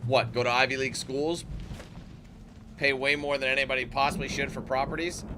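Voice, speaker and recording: A man's voice: medium pitch, fairly even intonation, fairly quick, background noise. A man giving casual, profane, sarcastic commentary while playing a video game. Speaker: gaming commentator. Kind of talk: casual let's-play commentary. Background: game music and sounds.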